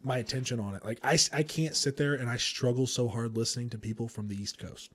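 Husky-voiced man chatting casually. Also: medium pitch. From Indiana. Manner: rambling, chuckles often, quick asides. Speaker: podcast host and firefighter. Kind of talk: casual podcast chat.

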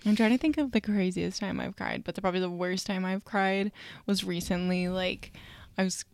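A woman's voice: medium pitch, steady tone, normal speed, no room sound. A woman in her twenties chatting casually, telling funny stories with lots of laughs and acted-out quotes. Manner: giggly storyteller, acts out voices. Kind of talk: casual chat.

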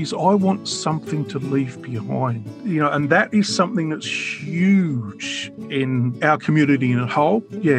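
A man speaking as a guest, telling a personal story in a reflective, sometimes emotional way with frequent restarts. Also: mid-range voice. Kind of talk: candid personal conversation.

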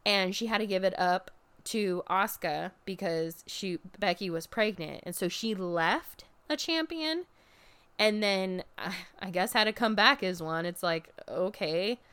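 A young woman in casual chat, recapping a wrestling event. She talks in a lively way and jumps into high mocking voices when she quotes people. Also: measured pace, clean tone.

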